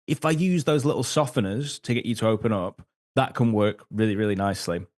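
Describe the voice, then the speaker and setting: This sales consultant, a guest on a podcast, speaks a little fast in a lowish, slightly mellow voice. He explains techniques and acts out short sample conversations, using a lot of "um" fillers.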